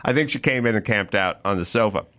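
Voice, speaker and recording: A man hosting a podcast, telling a profane, animated story in a casual chat. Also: on the low side, fast, background noise. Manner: profane, animated anecdote with acted-out quotes. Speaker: podcast host.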